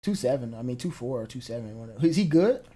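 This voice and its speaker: A man's voice: mid-range voice, fast talker. A man co-hosting a podcast in casual, slangy, profane chat, acting out the back-and-forth of arguments. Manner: animated, slangy and profane, acts out quoted exchanges. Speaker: podcast co-host.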